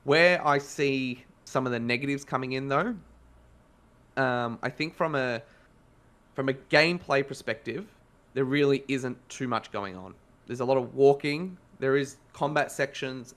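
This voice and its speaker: A man with an Australian accent talks through a game review in casual podcast chat. He rambles and corrects himself mid-sentence, his voice sitting at an ordinary middle pitch. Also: moderate pace, a bit bright. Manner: rambling, self-correcting, conversational.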